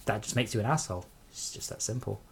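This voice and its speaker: A man's voice: fairly low pitch, quick pace, creaky, slight background noise. A man streaming a game live and sarcastically scolding trolls in his chat.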